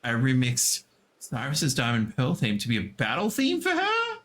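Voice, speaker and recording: A man's voice: sing-song, normal speed, a bit bright. A man giving casual, playful commentary while playing a video game, cooing at the creatures he meets. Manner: playful, squeaks high at creatures. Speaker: gaming streamer.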